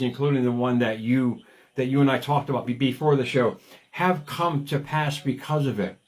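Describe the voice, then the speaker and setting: A man in his fifties hosting a motivational talk show, speaking energetically and digressing, often repeating words as he starts a thought. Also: medium pitch. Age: 50s. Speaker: radio show host.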